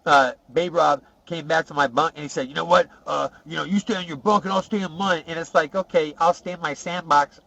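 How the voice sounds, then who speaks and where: A man's voice: a little high, a bit bright, poor audio. A podcast host voicing a boastful, profane male ex-convict who rambles through tough prison stories in a comic character monologue. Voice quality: rough, profane, rambling storyteller.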